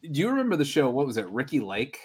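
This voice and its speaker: Man, podcast host, casual movie-draft chat, enthusiastic, mid-pitched voice. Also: huge pitch swings, fast, a little mellow, slightly rough. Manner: enthusiastic, laughs while talking.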